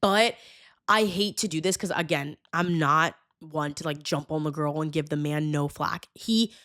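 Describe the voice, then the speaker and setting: A woman's voice: low voice, steady tone, normal speed, fairly bright tone, no room sound, clean studio sound. A woman in her twenties hosting a casual solo podcast, chatty and dramatic, full of "like" fillers. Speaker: podcast host. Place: New York.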